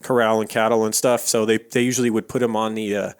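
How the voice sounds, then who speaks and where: A man's voice: lowish voice, flat delivery, quick pace, clear, resonant tone. A man co-hosting a casual true crime podcast, retelling an outlaw's life in a loose, joking way with plenty of fillers and swearing. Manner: laid-back storytelling, swears casually, many fillers. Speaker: podcast co-host.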